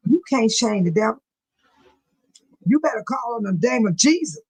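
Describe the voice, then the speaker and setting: Woman, high voice, casual livestream host, laughs a lot, folksy, phone mic. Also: lively intonation, moderate pace, breathy edge, low-quality recording. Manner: laughs often, folksy and churchy talk. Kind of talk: casual live chat reading viewer comments.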